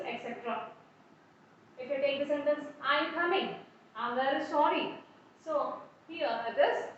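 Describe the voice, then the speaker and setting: High-voiced woman lecturing in an echoey room. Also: slight background noise. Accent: Indian English. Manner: explains step by step with many examples. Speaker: college English lecturer. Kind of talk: online class lecture. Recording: echoey, distant, muffled room recording.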